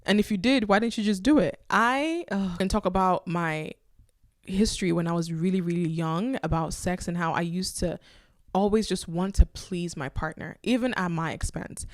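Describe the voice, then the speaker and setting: Blunt, animated woman podcast host. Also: on the low side, normal speed, no room sound, studio quality. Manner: blunt and animated, reads listener letters aloud. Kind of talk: casual advice chat.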